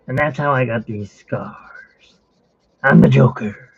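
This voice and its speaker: A menacing clown villain draws out his words slowly and theatrically and sometimes drops into a hiss, as a man puts him on. Under the act the voice is rough and husky, and the audio is muffled and lo-fi. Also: mid-range voice, full character voice. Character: menacing male clown villain telling a scar story.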